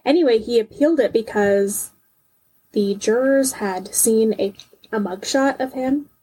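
Husky, higher-voiced woman co-host. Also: a little slow, dark tone, low-quality recording. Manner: chatty, reads case details aloud. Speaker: podcast co-host. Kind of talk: casual true-crime chat.

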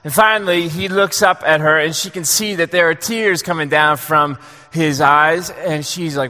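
A man preaching a sermon to a congregation in a relaxed, joking, conversational way. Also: fairly high pitch, normal speed, in a large hall. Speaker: pastor. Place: church sanctuary.

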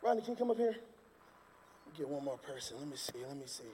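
A male pastor preaching a sermon from a church stage, emphatic and repetitive, breaking into sudden shouts. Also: fairly high pitch, sing-song, fast talker. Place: church stage before a congregation. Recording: long reverb of a large hall.

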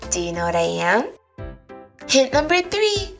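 A woman's voice: extremely high pitch, animated, moderate pace, bright, forceful tone, faint music behind. Bubbly woman hosting a kids' show. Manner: bubbly, quizzing children. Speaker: children's show host.

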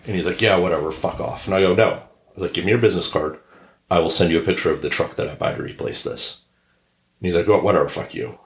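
A middle-aged man co-hosting a podcast, telling a casual story and acting out other people's yelling. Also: low-pitched, fast talker. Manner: animated anecdote teller who acts out others' yelling. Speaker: podcast co-host. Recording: roomy echo.

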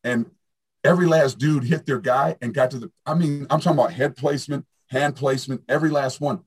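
A middle-aged man, a strength coach, telling stories in a lively interview and acting out the quoted dialogue. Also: mid-range voice, a little fast, husky. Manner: animated storyteller, acts out quoted dialogue. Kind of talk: fast casual interview talk.

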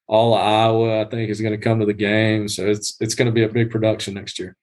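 A man's voice: lowish voice, little pitch movement, quick pace, darkish tone. Rambling man telling a story. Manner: rambling storyteller with many restarts and fillers. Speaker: guest groundskeeper. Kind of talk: casual podcast chat. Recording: livestreamed podcast.

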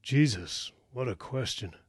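A man's voice: mid-range voice, expressive, unhurried, slightly rough, dry recording, clean studio sound. A man reading an audiobook voices a wary man who speaks nervously and jokes dryly. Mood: playful. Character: wary, wry man in the woods.

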